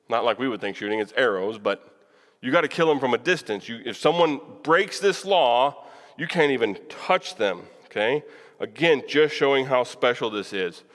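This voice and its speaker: A man's voice: medium pitch, a bit bright. A man preaching in a casual, conversational way, asking the room questions and chuckling now and then. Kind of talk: Bible class teaching. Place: church hall. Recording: long church reverb.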